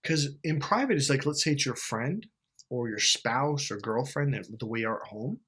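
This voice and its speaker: Blunt, profane husky-voiced man. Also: medium pitch, lively intonation, normal speed, fairly bright tone. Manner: blunt and profane, acts out quoted lines; laughs often mid-sentence. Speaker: self-help video host. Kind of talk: casual monologue.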